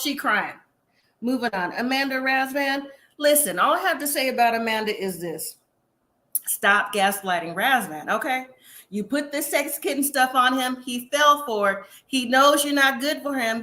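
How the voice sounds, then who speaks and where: Sassy woman host, casual reality-TV recap, bright and high. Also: moderate pace. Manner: chatty, sassy, quotes people in animated asides. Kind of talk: casual live-stream recap.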